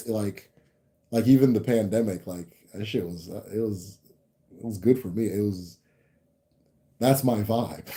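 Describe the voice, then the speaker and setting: A man hosting a livestream, answering viewer chat in a rambling, animated way with lots of fillers. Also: on the low side. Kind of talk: casual live chat.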